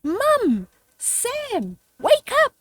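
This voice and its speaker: A grandmotherly woman voicing an excited little girl mouse, squeaky and eager, in breathless exclamations for a storybook reading. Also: drawn-out words, exaggerated voice.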